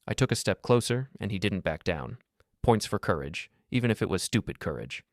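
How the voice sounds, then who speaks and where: Deep-voiced male story narrator. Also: lively intonation, brisk, no room sound, clean studio sound. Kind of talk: scripted first-person story narration.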